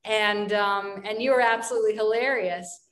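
Female host, friendly casual interviewer, mid pitch, echoey room sound. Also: fairly even intonation, normal speed, fairly bright tone. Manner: friendly, asks rambling questions. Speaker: podcast host.

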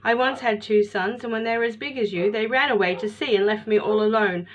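A woman narrator voicing a harsh, lonely old male woodcarver with a gruff manner that turns to roaring when angry. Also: on the high side, brisk, close to an everyday voice. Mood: roaring bitter. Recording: slightly muffled with faint hiss.

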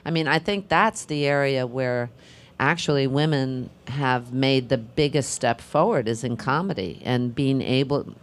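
Older lady actress rambling thoughtfully on a panel, lots of um and restarts. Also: extremely low pitch. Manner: musing, halting, with many restarts and fillers. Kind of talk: casual panel talk.

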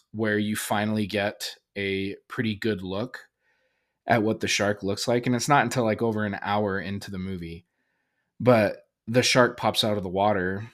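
A man in his thirties with a fairly low voice hosts a casual solo podcast. He tells a family story in a loose, rambling way, full of fillers and restarts. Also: a bit bright. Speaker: podcast host.

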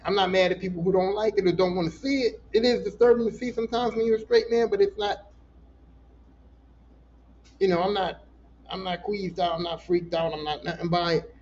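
A man hosting a casual solo podcast, ranting in an animated, profane way and talking back to his listeners. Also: high voice, a little fast, lo-fi sound, a little hiss or hum. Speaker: podcast host.

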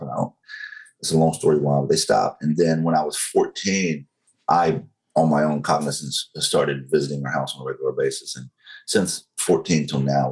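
Being interviewed, a forties-aged man from North Carolina shares his story in a Southern accent, unhurried, controlled, and straightforward. His voice rumbles low, and the audio quality is rough.

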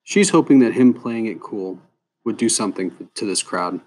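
Low-voiced man narrating a fantasy tale. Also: animated, normal speed. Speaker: storyteller. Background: soft guitar music.

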